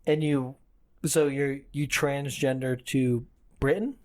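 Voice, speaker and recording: A man's voice: medium pitch, fairly even intonation, slow, a little mellow. A young man co-hosting a comedy podcast, rambling and self-mocking in casual chat. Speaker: podcast co-host.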